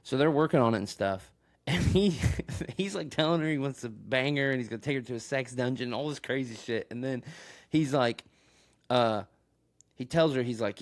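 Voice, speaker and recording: A man's voice: medium pitch, moderate pace. Rambling, crude man telling a story. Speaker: podcast co-host. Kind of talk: casual chat. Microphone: recorded on a phone.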